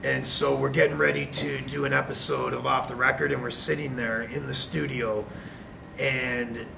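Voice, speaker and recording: A middle-aged man from Canada, a retired wrestler telling an animated anecdote as a guest on a video call. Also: medium pitch, normal speed, creaky, noisy background. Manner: animated, acts out quotes. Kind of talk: anecdote storytelling.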